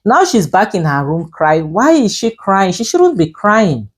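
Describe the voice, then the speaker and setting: A woman's voice: medium pitch, sing-song, measured pace, breathy edge. A woman reviewing a drama series, emphatic and scolding, with frequent "you know" fillers. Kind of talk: opinionated review commentary.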